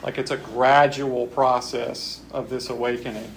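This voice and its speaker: A man's voice: mid-range voice, flat delivery, unhurried, a little hiss or hum. Easygoing man reflecting on sobriety. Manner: reflective, plain-spoken, easygoing. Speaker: AA speaker. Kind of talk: recovery talk at a retreat. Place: retreat gathering.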